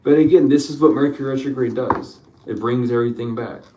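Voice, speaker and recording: A man's voice: medium pitch, fairly even intonation, a little fast, a little mellow, roomy sound, recorded from a distance, rough recording. A man giving an emotional spiritual reading, rambling, repeating his questions and swearing freely. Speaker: spiritual card reader.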